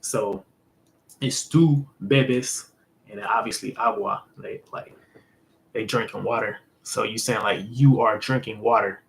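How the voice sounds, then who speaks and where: A man hosting a casual language lesson, explaining in a loose, rambling way full of fillers and an occasional "boom" to wrap up a point. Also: flat delivery, moderate pace, gravelly, fairly bright tone, rough recording. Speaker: host.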